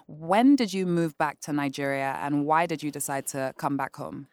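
A woman's voice: deep voice, normal speed, no echo, clean studio sound. A woman hosting a podcast interview, recapping her guest's points with short affirmations. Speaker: podcast host. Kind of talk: casual interview chat.

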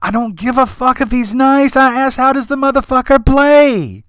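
A man putting on the voice of a cocky, profane male bandleader who talks in loud, swaggering bluster. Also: very high-pitched, moderate pace, clean tone, no room sound, studio quality, pitched above the performer's own voice. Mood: boastful.

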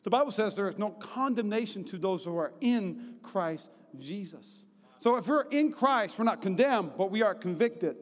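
A high-pitched male pastor in his thirties, preaching with lively, chatty energy and often asking the crowd for agreement. His voice rings out with a long reverb from a big church hall. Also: moderate pace. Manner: lively and conversational, often asking the congregation "right?". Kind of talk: sermon.

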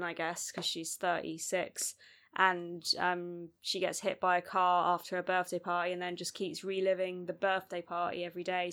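A woman's voice: on the low side, fairly bright tone. A young woman chatting casually about films as a podcast co-host, wry and freely swearing. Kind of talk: casual film chat.

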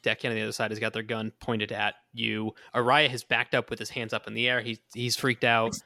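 A man's voice: on the low side, level tone, a little fast, vocal fry, sharp tone, no echo, clean studio sound. A man running a tabletop game as game master, narrating casually with many stammered restarts.

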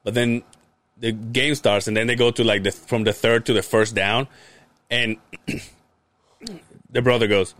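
A young podcast host tells a relaxed story at an unhurried pace with long pauses, his medium-pitched voice recorded without room sound. He's animated, acts out the quoted lines, and swears heavily.

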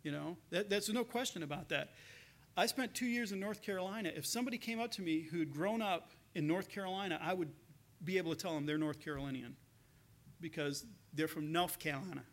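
A male pastor with a fairly high voice speaks a little fast as he preaches, earnestly retelling a story. He repeats a word or two here and there, talking it over with his congregation.

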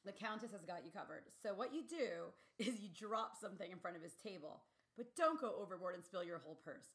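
A woman in her forties, co-hosting a podcast, chatting casually and telling animated stories with frequent laughter. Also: medium pitch, brisk. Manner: giggly, animated storytelling. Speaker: podcast co-host. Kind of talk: casual chat.

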